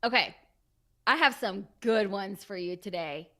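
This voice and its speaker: A woman's voice: mid-range voice, unhurried, sharp tone. A woman co-hosting a casual podcast chat, playful and laughing often. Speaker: co-host.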